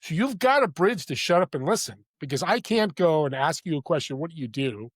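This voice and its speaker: A man's voice: a little high, lively intonation, brisk, dry recording. A man talking as an interview guest, telling stories with eager emphasis in casual chat. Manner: enthusiastic, storytelling, emphatic. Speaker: podcast host and guest.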